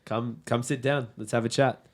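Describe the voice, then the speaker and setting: A man's voice: mid-range voice, steady tone, normal speed, a little mellow. An Australian man hosting a podcast, jokey and upbeat as he wraps up the episode. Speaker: podcast host. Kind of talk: casual chat.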